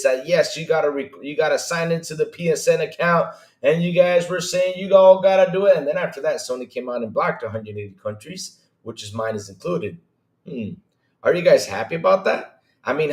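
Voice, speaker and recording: A man hosting a gaming podcast livestream, chatting casually, greeting viewers by name and teasing in a lively way. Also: mid-range voice. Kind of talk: casual livestream chat reading viewer comments. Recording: roomy echo.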